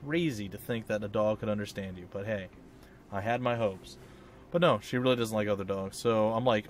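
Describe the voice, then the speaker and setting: A man's voice: lowish voice, brisk, slight background noise. A man giving casual, rambling, self-mocking commentary while playing a video game at home. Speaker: let's play host.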